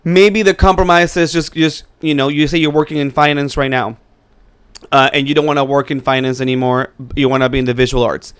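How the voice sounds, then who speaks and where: A man with a fairly high voice co-hosts a casual podcast chat. He talks loosely, stacking "like" and swear words as he hands out advice. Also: steady tone, brisk, a bit bright, smooth. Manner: chatty, profane, giving advice with lots of "like". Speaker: podcast co-host. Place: New York City.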